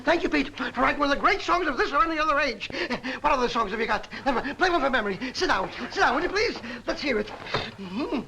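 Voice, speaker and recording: An actor playing a brash, excitable male song publisher who talks in fast, slangy, theatrical sales patter, in a 1950s film comedy. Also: very high voice, gravelly, a little hiss or hum, full character voice, poor audio. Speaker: music publisher.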